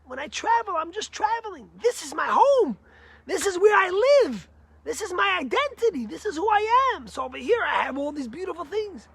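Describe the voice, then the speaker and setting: A man's voice: very high-pitched, sing-song, quick pace, gravelly, few pauses, a bit bright, exaggerated voice. A man playing a wealthy man who boasts about his possessions, speaking emphatically inside a spoken parable. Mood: proud.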